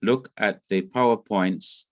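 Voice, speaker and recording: A man teaches an online Hebrew class in a slow, careful voice, pausing and restarting as he explains rules. His lowish voice comes through dry and a little dull, as over a video call. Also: fairly even intonation, no room sound.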